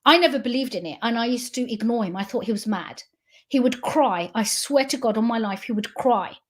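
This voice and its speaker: A woman's voice: a little high, brisk. A woman giving an emotional, accusatory livestream address to her family. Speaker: company founder addressing family online.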